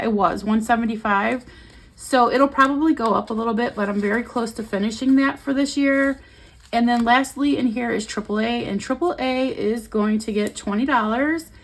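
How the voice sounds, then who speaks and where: A woman's voice: a little high, moderate pace. A woman in her forties chatting casually as a budgeting vlogger, counting bills aloud as she talks. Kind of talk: casual chat.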